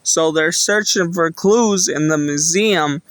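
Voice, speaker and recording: A man with a fairly high voice retells a cartoon episode in unhurried, rambling fashion. He strings events together plainly, one after another. The sound is close and dry, with no room around it. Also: fairly bright tone, dry recording, poor audio. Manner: rambling, plain storytelling with many "and" links.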